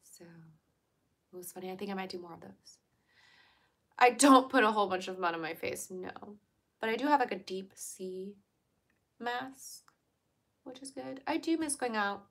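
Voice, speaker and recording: A woman's voice: medium pitch, measured pace, pauses often, fairly bright tone. A young adult woman hosting a livestream, chatting casually, giggling and answering her chat. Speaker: livestream host.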